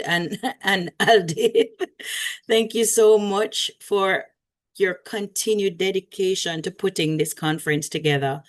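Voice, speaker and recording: A Jamaican woman moderating an online conference, wrapping up with chatty thanks and frequent laughter over a video call. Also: fairly low pitch. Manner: chatty, warm, laughs often. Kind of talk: casual closing remarks.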